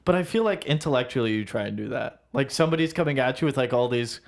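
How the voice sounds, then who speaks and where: A young man in casual conversation, ribbing his friends with dry teasing. His voice sits at a mid pitch. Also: lively intonation, fast talker, creaky. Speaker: podcast co-host. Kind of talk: casual chat.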